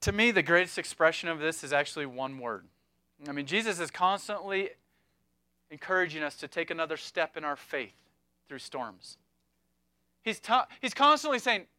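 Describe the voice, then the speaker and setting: A man preaching a sermon as pastor, talking emphatically and swinging between loud exhortation and hushed, quiet passages. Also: a little high, dry recording, studio quality.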